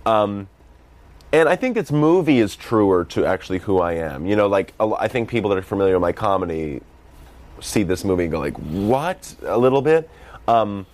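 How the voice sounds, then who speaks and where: Man, twenties, light Boston accent, very low voice, rambling, self-deprecating, casual interview guest. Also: expressive, a little fast, a little mellow. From Massachusetts, USA. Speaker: film director and comedian guest.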